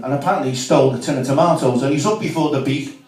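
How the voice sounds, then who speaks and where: A man's voice: mid-range voice, rapid-fire, darkish tone. A man doing a cheeky, chatty stand-up set at a comedy club, with asides to the crowd. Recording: echoey room, mic from far off.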